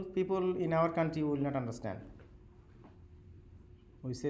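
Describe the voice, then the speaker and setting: A man's voice: a little high, unhurried, pauses often, darkish tone. A male professor, not a native English speaker, lecturing a class in simple English and often checking in with "okay?". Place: lecture hall.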